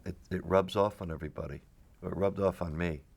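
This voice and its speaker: Low gravelly-voiced middle-aged man. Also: fairly even intonation, fairly quick, darkish tone. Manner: rambling storyteller with restarts and laughs. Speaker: actor, interviewee. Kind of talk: casual anecdotal interview.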